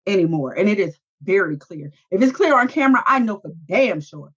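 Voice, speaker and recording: A woman's voice: medium pitch, animated, a little fast, husky, muffled recording. A woman co-hosting a casual podcast, recapping a reality show in a blunt manner, swearing freely. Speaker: podcast co-host.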